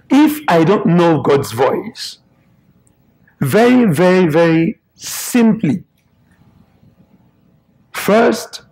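A man's voice: on the high side, darkish tone, low-quality recording. A man preaching a sermon in short, emphatic, repeated phrases.

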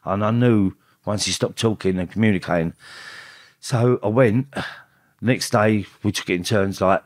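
Man, middle-aged, halting storytelling, many restarts, lowish voice, dry close sound. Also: dry recording. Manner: halting, full of restarts and repeated words. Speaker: guest. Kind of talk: emotional personal storytelling.

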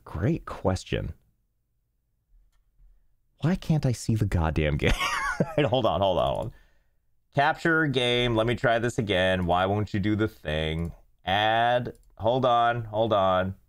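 A man's voice: fairly low pitch, sing-song, slow pace, no room sound, studio quality. A man streaming a game, chatting casually and self-mockingly as he fights technical trouble. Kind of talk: casual live-stream chat. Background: faint game music.

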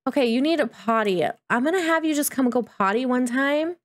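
Bubbly high-voiced woman gaming. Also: brisk. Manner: bubbly, chatty, excitable with sudden squeals. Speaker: gaming YouTuber. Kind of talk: Let's Play commentary.

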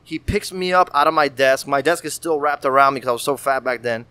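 A man in his thirties, a guest on a casual podcast, telling stories in an animated, profane, slangy way. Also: mid-range voice, fairly quick, clean tone, no room sound. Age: 30s. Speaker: guest artist.

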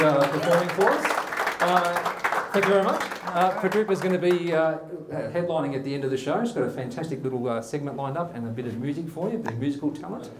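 Man hosting a comedy show, fumbly and casual, slightly high voice, echoey noisy room. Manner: hesitant, frequent uh fillers, bursts of quick talk. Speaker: host. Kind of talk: casual joke telling. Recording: echoey room with background noise.

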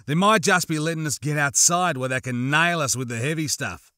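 Guy narrator doing a skeptical pilot dude, blunt and wary, brightish voice. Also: a little high, a little fast, no echo, clean studio sound. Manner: matter-of-fact, wary. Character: male pilot, practical and skeptical.

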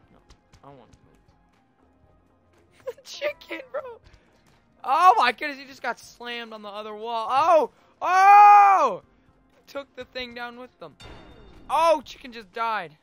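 A young man giving casual, excitable commentary while playing a video game. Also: high voice. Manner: excitable, yelps and shouts at sudden moments. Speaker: gaming video host.

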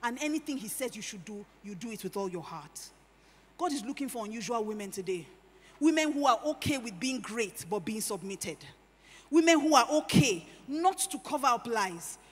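High-voiced Nigerian woman preaching in a hall. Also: moderate pace, husky. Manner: animated preaching, full of rhetorical questions. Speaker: pastor. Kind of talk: sermon. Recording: reverberant hall with faint noise.

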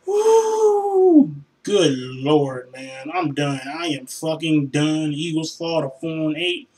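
A man in his room ranting as a sports fan, profane and exasperated, sighing heavily and swinging between low mutters and sudden shouts. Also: steady tone, slow pace, low-quality recording. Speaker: vlogger reacting to a football loss. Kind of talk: angry fan rant.

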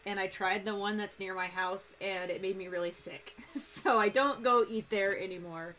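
A woman's voice: mid-range voice, steady tone, moderate pace, fairly bright tone. A young woman with a faint Texan accent chatting casually on a live stream while she sews, rambling and breaking off mid-sentence. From Texas. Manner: chatty, rambling, self-interrupting with laughs. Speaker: cosplay streamer.

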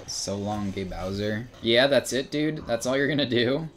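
A young man streaming a horror game, commenting in an exasperated way and breaking into shouts and laughs. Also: medium pitch, moderate pace. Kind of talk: frustrated gameplay commentary.

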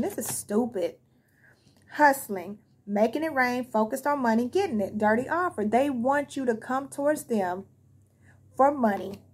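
A woman's voice: fairly high pitch, husky. A woman giving a casual tarot card reading to her viewers, blunt and heated, with plenty of swearing. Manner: blunt, profane, heated, speaks straight to viewers. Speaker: tarot reader.

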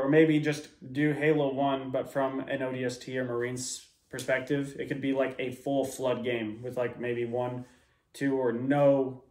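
A man hosting a reaction video, talking in a loose, rambling way, sarcastic and quick to swear. His voice sits at an ordinary middle pitch. The room around him is echoey and reverberant. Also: a little mellow. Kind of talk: casual reaction commentary.

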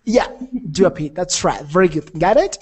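A man's voice: high voice, lively intonation, moderate pace, darkish tone, breathy edge. Encouraging male english teacher. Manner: encouraging, repeats himself, laughs often. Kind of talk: casual conversation class.

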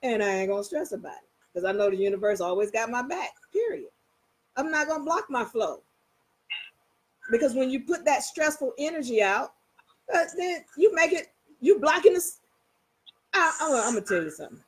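A woman teaching in a casual, animated way, telling everyday stories and checking that listeners follow. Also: sits high, normal speed, pauses often, slightly rough, low-quality recording. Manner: animated, storytelling, coaxing listeners. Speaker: spiritual teacher. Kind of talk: casual motivational talk.

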